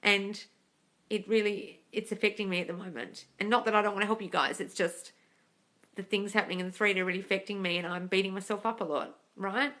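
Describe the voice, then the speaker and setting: Woman, live-stream coach, casual talk, earnest, emphatic, confessional, mid-pitched voice. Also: fairly even intonation, brisk, fairly bright tone. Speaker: manifesting coach hosting a live Q&A.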